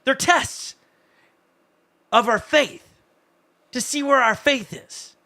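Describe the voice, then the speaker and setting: A man delivers a sermon as pastor, his voice pitched high and bright with a forceful edge. He preaches in a conversational, animated way, turning to people in the room with quick asides. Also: gravelly.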